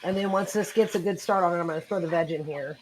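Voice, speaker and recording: A woman's voice: lowish voice, fast talker, darkish tone, a little hiss or hum, rough recording. A woman competing as a cook on a live stream, easygoing and playful while describing her cooking. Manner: easygoing and playful, laughs at herself. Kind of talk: casual chat.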